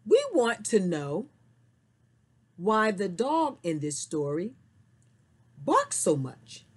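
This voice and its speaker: A woman telling a story to children, slow and very expressive, then talking to her young viewers. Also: medium pitch, breathy edge. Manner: slow, sing-song and very expressive.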